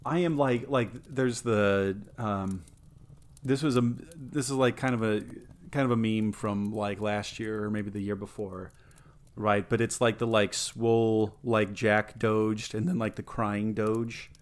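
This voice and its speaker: A man's voice: on the low side, steady tone, unhurried. A man co-hosting a podcast in casual chat, rambling, thinking aloud through restarts. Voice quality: rambling, many filler likes and restarts. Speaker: podcast co-host.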